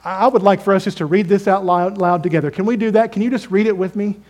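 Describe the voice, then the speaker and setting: Male preacher, higher than usual pitch, emphatic, repeats himself, quizzes the congregation. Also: steady tone, fast, darkish tone. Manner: emphatic, repeats phrases, asks the congregation questions. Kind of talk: sermon.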